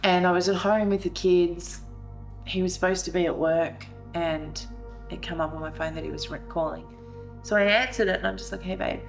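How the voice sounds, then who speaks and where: Soft music plays behind a woman whose fairly low, creaky voice holds a steady tone at a moderate pace. A veteran's wife in a documentary interview, she relives a painful family story with emotion, acting out scenes as her voice rises.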